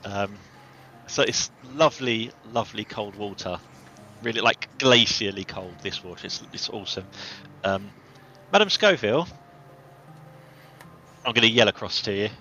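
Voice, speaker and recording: A man's voice: lowish voice, steady tone, normal speed, bright, forceful tone, muffled recording, a little hiss or hum. A man playing a tabletop game, speaking playfully and expressively as his character. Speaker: player. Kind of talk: tabletop role-play, in and out of character.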